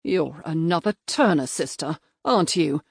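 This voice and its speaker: A woman voicing a stern male major and magistrate who talks in clipped, threatening, quietly forceful lines. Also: deep voice, lively intonation, normal speed, creaky, slightly rough, dry recording, studio quality, heavily acted.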